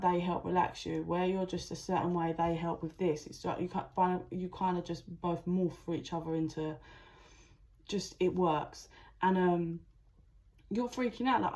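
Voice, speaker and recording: A woman giving a chatty, channeled tarot reading, with lots of "like" and restarts. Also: on the low side. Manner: chatty, animated, full of "like" and restarts. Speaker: tarot reader.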